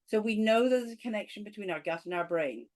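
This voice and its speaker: A woman, an author and coach, talking as a podcast guest and earnestly, eagerly explaining ideas in a relaxed conversational way. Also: medium pitch, a little fast. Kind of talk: conversational interview.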